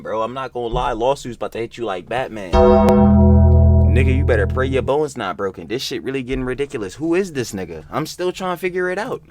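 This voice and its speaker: A man hosting a reaction video, loud, profane and quick to laugh, in casual slang-heavy commentary. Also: medium pitch.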